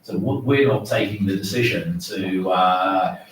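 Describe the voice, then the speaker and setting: Male councillor, deep and measured; distant mic in a reverberant chamber. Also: a little hiss or hum. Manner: measured, hesitant restarts. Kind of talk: council meeting debate. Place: council meeting room.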